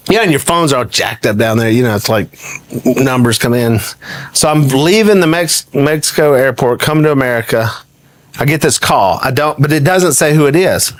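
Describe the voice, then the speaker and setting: Lively man telling a funny story. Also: medium pitch, normal speed. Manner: animated, laughs often while telling stories. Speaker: guest. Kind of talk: anecdotal storytelling in conversation.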